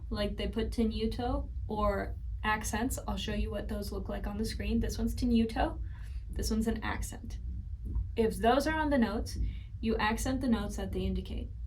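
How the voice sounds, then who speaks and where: A woman's voice: fairly high pitch, moderate pace, recorded from a distance, slight background noise, low-quality recording. A woman teaching piano in a casual practice session, talking herself through the music between passages. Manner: chatty, thinking aloud between playing, counting beats. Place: room at a piano. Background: piano playing.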